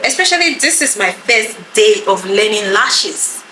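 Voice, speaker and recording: A woman's voice: medium pitch, a little slow. A woman telling a story in a casual chat, acting out the voices of the people in it. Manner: animated storytelling, acts out quoted voices. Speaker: podcast co-host telling a story. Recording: echoey room with background noise.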